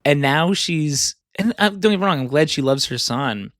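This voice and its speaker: A man co-hosting a podcast, talking through a Bible passage in a rambling, halting way with many restarts. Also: a little high, animated, fairly bright tone, dry recording, studio quality. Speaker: podcast co-host. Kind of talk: casual discussion.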